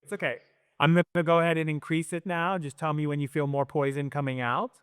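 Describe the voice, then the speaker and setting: A man working as a shaman, guiding an energy healing session, calmly directing and chanting strings of ritual syllables. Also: on the high side, fairly quick, smooth, no echo, clean studio sound. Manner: chants in invented-sounding syllables, calm directive tone.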